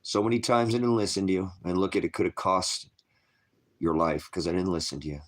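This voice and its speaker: In this video appeal, a father with a deep voice talks briskly with fairly even intonation. He blames himself, clearly distraught, crying as his voice breaks and he fights to hold himself together.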